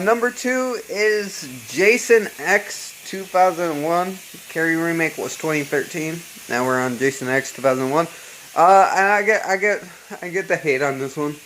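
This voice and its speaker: A man with a slightly raised pitch talks loosely about movies, wandering between thoughts. He swears freely, and ums and uhs fill his sentences. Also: expressive, a little slow, a bit bright, a little hiss or hum. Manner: rambling, profane, full of ums and uhs. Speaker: vlogger reviewing horror films. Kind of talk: casual chat.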